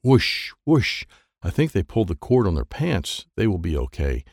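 A man narrating a children's audiobook in a lively first-person voice, adding sound effects as he reads. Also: low-pitched, a little fast, creaky, no room sound, clean studio sound.

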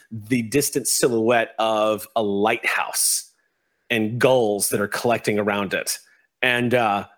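A man with a mid-range voice narrates a tabletop role-playing game as game master. He sets scenes with lively, easygoing energy, laughing and swearing now and then. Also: medium pitch. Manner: animated, laughing, swears freely.

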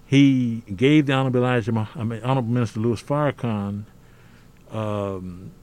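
A man's voice: mid-range voice, brisk, a little mellow. An older man from the United States giving a podcast interview, talking emphatically and preacherly, often adding "see?". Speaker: podcast guest. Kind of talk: conversational interview.

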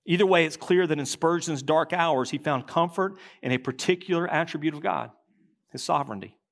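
A man preaching a sermon as pastor, reading quotations aloud, slowing and dropping low at key lines. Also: a bit bright.

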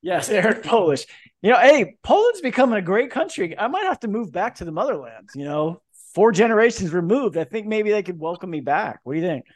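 High-voiced man ranting with profanity. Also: big pitch swings, brisk. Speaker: podcast host. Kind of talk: casual chat.

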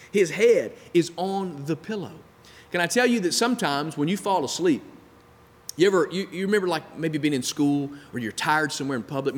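A man preaching a sermon with dramatic delivery, acting out the voices of doubters and of God. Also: on the high side. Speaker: pastor. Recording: long hall reverb.

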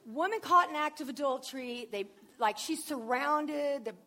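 A woman giving a sermon, telling a Bible story in an animated way that swings between hushed, tender passages and loud, excited ones. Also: high-pitched, moderate pace. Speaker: preacher.

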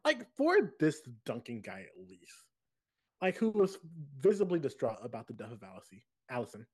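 A podcast co-host chatting casually, expressive and emphatic. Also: mid-range voice, moderate pace, breathy edge. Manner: expressive, laughs often, emphatic. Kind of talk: casual recap chat.

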